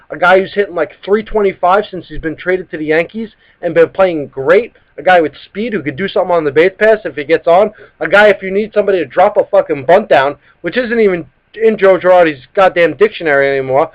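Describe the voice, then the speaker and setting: A man's voice: high-pitched, a little fast. A man, hosting a live sports talk show and ranting heatedly with plenty of profanity. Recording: dull lo-fi live stream audio.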